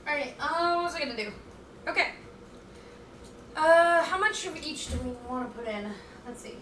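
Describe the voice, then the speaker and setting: A woman's voice: high-pitched, expressive, normal speed, fairly bright tone, echoey room, recorded from a distance, a little hiss or hum. A woman streamer chatting casually with her viewers as she cooks at home, reading chat aloud in a scattered, playful way. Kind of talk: casual chat while cooking. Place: home kitchen.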